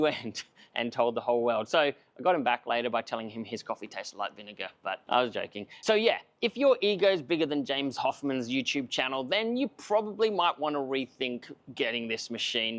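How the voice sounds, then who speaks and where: A man's voice: mid-range voice, a bit bright. A man giving a casual, enthusiastic coffee machine review to camera, chatty and self-mocking.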